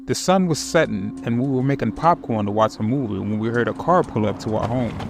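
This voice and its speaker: Man narrating scary stories. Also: medium pitch. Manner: measured, suspenseful storytelling. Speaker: horror story narrator. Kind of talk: scripted narration.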